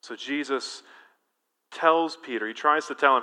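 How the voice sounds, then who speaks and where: A male pastor preaching a sermon in an animated, emphatic way, engaging his congregation directly. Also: mid-range voice, a little slow, smooth.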